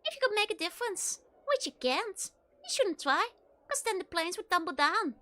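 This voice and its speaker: A woman's voice: very high-pitched, big pitch swings, normal speed, bright, forceful tone, voice pushed up, exaggerated voice. A woman voicing a bitter, grizzled man who lectures on an endless war, in a put-on Scottish brogue. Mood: grim. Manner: cynical, blunt.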